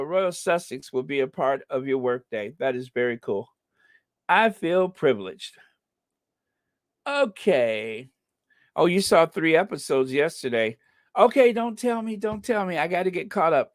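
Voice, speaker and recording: A man's voice: a little high, no room sound, studio quality. A man hosting a casual live stream, greeting viewers by name and chatting with jokey asides.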